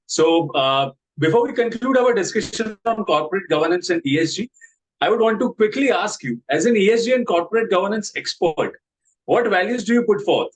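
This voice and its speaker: A man's voice: high-pitched, lively intonation, a little fast, poor audio. A man hosting an interview, asking questions in a formal, polished way. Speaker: interview host.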